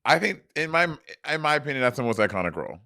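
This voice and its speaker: Male podcast co-host, playful teasing chat, bouncy pitch, dry close sound. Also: very animated, vocal fry, pushed and bright, clean tone, dry recording. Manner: playful, teasing, quick reactions. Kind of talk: casual recap chat.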